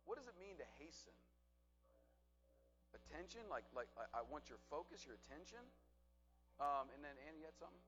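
A man's voice: medium pitch, fairly bright tone, dull audio. A man teaching a Bible study to a group, asking them questions and repeating back their answers.

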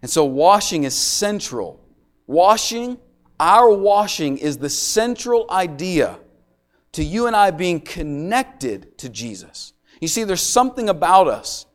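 A man delivering a sermon in a slightly raised voice. He swings between loud, intense passages and quiet, hushed asides, dwelling on each point. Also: sits high, very animated, takes it slowly. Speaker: pastor.

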